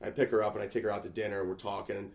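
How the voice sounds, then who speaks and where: A male comedian, a podcast guest, telling a story in an animated way, acting out the other people's voices and swearing freely. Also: lowish voice, rapid-fire, creaky.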